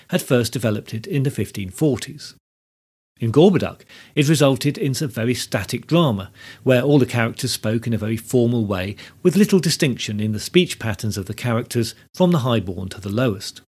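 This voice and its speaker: A man narrating a scripted history lesson in a measured, explanatory way. His voice is gravelly and has a husky edge, sitting at an ordinary middle pitch. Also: darkish tone. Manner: measured, explanatory, reads quotes aloud. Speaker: history podcast host.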